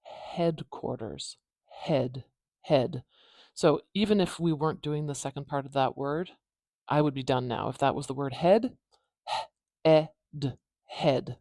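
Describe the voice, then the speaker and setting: A Canadian English speaker teaching phonetics in a casual tutorial, patiently repeating sounds slowly to demonstrate them. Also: mid-range voice, creaky, darkish tone, dry recording, studio quality.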